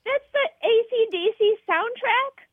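Giggly woman comedian guest, high voice, rambling radio chat. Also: expressive, unhurried, no room sound, phone-quality sound.

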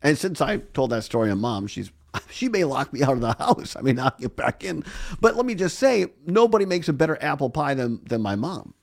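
A man's voice: mid-range voice, big pitch swings, a little fast, vocal fry. A middle-aged man hosting a casual local radio call-in show, upbeat and chatty. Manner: upbeat, chatty, repeats phone numbers. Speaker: radio host.

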